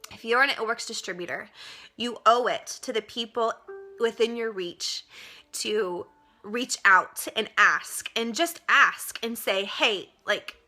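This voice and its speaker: Young woman, direct-sales vlog, tearful, earnest, fillers, bright tone. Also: fairly high pitch, measured pace, soft background music. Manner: earnest, gushing, many fillers. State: tearful, emotional. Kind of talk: personal testimonial vlog. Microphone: webcam.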